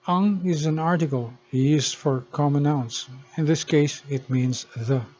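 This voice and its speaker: Male teacher, scripted lesson narration, very slow pace, slightly raised pitch, muffled lo-fi sound. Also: a little mellow. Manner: slow, deliberate explaining. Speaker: language teacher.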